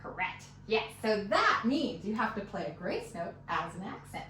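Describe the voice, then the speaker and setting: A woman giving a one-on-one fiddle lesson, patient and encouraging, counting beats out loud. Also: medium pitch, big pitch swings, moderate pace. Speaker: fiddle teacher. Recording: roomy, mic at a distance, fiddle playing.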